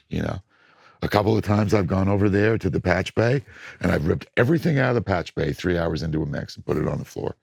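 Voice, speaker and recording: A middle-aged record producer being interviewed, telling blunt studio stories and acting out moments from sessions. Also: male voice, deep voice, fast, vocal fry, slightly rough, dry recording. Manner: animated, blunt storytelling that acts out studio moments.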